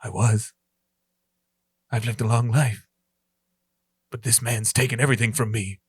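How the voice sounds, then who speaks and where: A man's voice: medium pitch, steady tone, a little slow, breathy edge, no room sound, studio quality. A man voicing an immortal, vengeful bear in an improvised comedy scene, speaking in gloating, menacing threats.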